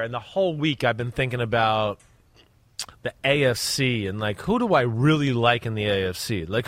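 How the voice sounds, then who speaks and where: A man talking football as an analyst in a casual podcast chat, animated and checking in with "right?" as he goes. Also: mid-range voice, no echo.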